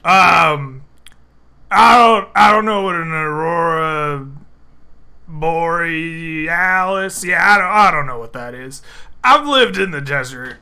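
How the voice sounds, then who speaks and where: Guy doing a big dumb half-orc barkeep, loud and rambly, talks kinda quick. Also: a little high, creaky, clean tone, full character voice. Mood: flustered. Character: big dim male half-orc barman.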